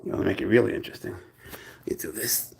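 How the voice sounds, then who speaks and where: Gravelly-voiced man coaxing his pet cat. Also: lowish voice, fast talker, darkish tone, in a whisper. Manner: coaxing, playful talk to the cat, calls it bro and buddy. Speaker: pet owner and channel host. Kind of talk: casual live-stream chat with his pet cat.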